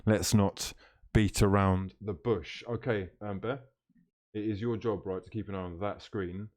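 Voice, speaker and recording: A man's voice: fairly low pitch, fairly even intonation, a little slow, a little mellow. A man hosting a live football watchalong stream, reading out chat comments, teasing viewers and laughing often.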